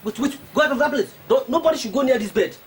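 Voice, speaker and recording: A man's voice: very high voice, animated, noisy background. An actor with a Nigerian accent playing a commanding man taking charge at a sickbed. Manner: brisk, commanding.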